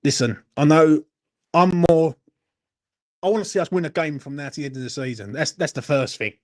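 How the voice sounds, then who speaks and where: Young bloke, tipsy host, blunt and sweary, slightly high voice. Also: male voice, expressive, quick pace. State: drinking, a little tipsy. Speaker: football channel host. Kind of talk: late-night live Q&A, reading chat comments.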